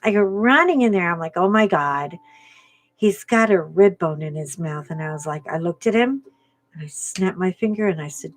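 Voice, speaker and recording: A woman's voice: medium pitch, animated, moderate pace, faint music behind. A middle-aged woman hosting a coloring channel, chatting and telling a family story with laughs while she colors. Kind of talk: casual chat while coloring.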